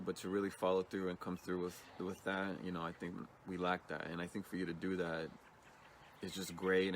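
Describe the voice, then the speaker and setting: An earnest man speaks as a podcast guest, with a very low voice. His delivery is steady and flat as he gives supportive remarks. Faint noise sits behind the recording. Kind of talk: casual interview chat.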